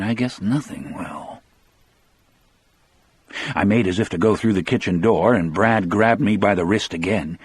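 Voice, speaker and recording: A man's voice: lowish voice, a little mellow, husky, dry recording. A man narrating an audiobook in a brooding, confessional first-person telling.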